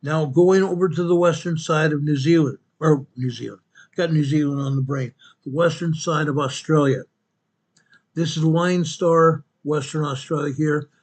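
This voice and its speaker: A man's voice: on the high side, fairly even intonation, normal speed, a little mellow. Repetitive man reading earthquake figures. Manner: repetitive, restates each quake figure; corrects himself mid-sentence. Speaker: earthquake report host. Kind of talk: narrating a map-based earthquake update.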